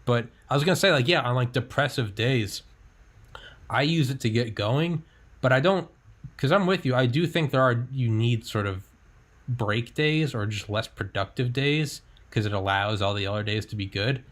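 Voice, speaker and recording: A man's voice: medium pitch, normal speed, fairly bright tone. A young man hosting a casual podcast chat, talking candidly, swearing freely and acting out his own thoughts. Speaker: podcast host.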